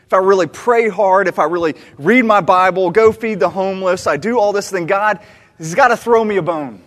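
A preacher from the American South delivers a sermon with a fairly high, expressive voice. He retells the story animatedly, repeating key phrases. The sound carries a long reverb from a big church sanctuary. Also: fairly quick. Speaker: pastor. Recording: long reverb of a large hall.

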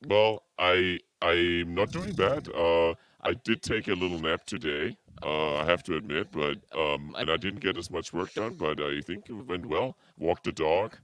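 A man's voice: deep voice, a little slow, hardly any pauses, a bit bright, no echo. A man co-hosting a podcast in a casual chat, laid-back and goofy, stumbling over his words. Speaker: podcast co-host.

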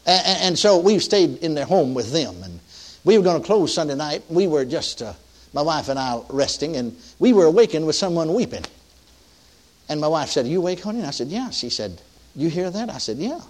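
Older male preacher, folksy storyteller, swings his pitch widely for emphasis. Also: very animated, moderate pace. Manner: folksy, repetitive restarts, rising emphatic peaks. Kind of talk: sermon storytelling.

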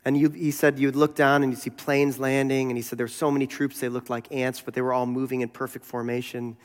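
A man's voice: medium pitch, level tone, fast talker. A man preaching a sermon to his church, telling stories in a conversational way. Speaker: pastor. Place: church sanctuary. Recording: long hall reverb.

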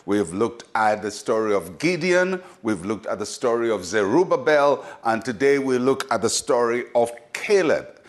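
A male pastor giving a short devotional sermon, emphatic and repetitive, urging listeners on. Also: mid-range voice. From Ghana. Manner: emphatic, repetitive exhortation with acted quotes.

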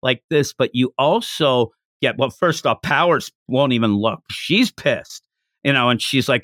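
A man co-hosting a casual manga discussion podcast, talking animatedly and acting out character lines in quick put-on voices. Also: mid-range voice, fairly bright tone, no echo, studio quality. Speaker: podcast co-host.

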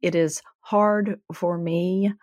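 A woman's voice: lowish voice, steady tone, slow pace, a little mellow, no echo, studio quality. A woman co-hosting a podcast, speaking candidly and reflectively, with a self-deprecating manner. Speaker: podcast co-host. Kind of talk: casual conversation.

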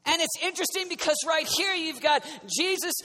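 High, bright-voiced male preacher. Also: brisk. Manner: animated storytelling, conversational. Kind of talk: sermon. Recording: long reverb of a large hall.

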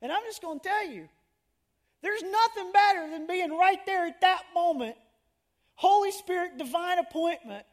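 A middle-aged woman telling stories in a sermon to women, animated and laughing at herself, acting out the people she quotes. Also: very high voice, moderate pace. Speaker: women's ministry speaker.

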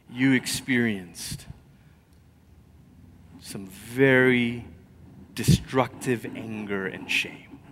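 Man, pastor, sermon, conversational storytelling, sudden hushed whispers, grew up in Malaysia. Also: medium pitch. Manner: dramatic swings from loud to near whisper.

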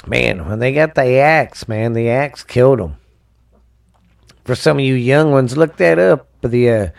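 A man's voice: medium pitch, creaky, darkish tone. A man hosting a casual sports podcast, rambling and swearing as he reads scores and rankings. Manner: rambling, profane, drawling, reads lists with fillers. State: dry mouth. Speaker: podcast host.

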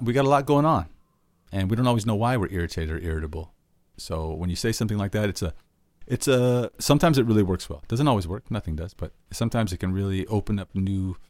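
A man with a fairly low voice talks through tips on his own podcast. He is earnest and conversational and acts out example questions as he goes. The sound is dry and close, with little room in it. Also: darkish tone, dry recording. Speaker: podcast host. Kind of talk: solo podcast teaching.

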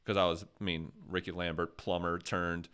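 A man's voice: low-pitched, little pitch movement, moderate pace, fairly bright tone, smooth. An American man hosting a casual podcast chat, telling rambling, jokey stories. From USA. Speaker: podcast host.

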